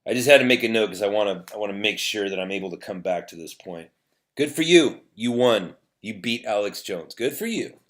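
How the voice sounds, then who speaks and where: Sarcastic low-voiced man telling a story. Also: fairly quick, hardly any pauses, fairly bright tone. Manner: rambling, sarcastic, with restarts and throat clearing. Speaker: podcast host. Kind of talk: opinion monologue with storytelling.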